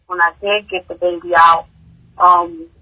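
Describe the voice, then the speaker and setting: A woman, a grieving mother, giving emotional personal testimony in an interview, halting and repeating words, her voice rising high in distress. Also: flat delivery, pushed and bright, poor audio.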